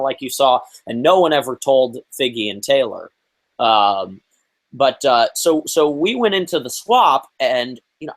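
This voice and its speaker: A young man in his twenties tells a story as a guest on a chat show. He talks in an animated, casual way, with lots of fillers and quotes he acts out. His voice sits at an ordinary middle pitch. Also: rough recording. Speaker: interview guest.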